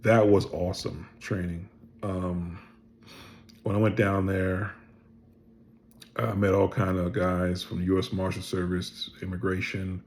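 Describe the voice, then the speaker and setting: Middle-aged male storyteller, low and gravelly, casual and animated, acts out quoted dialogue. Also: unhurried, long pauses. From Pennsylvania. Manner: animated storyteller who acts out other people's lines, swears freely. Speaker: vlogger telling his life story.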